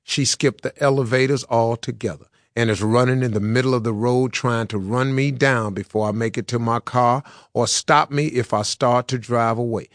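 A man's voice: mid-range voice, fairly even intonation, normal speed, hardly any pauses, no room sound. Man reading his own audiobook, earnest. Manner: earnest, personal storytelling. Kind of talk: audiobook narration. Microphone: close studio mic. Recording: dry studio sound.

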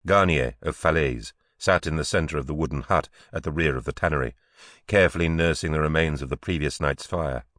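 A man narrating an unabridged audiobook in a measured, clear storytelling manner. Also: rumbling low, a bit bright, dry recording, studio quality. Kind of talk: scripted narration.

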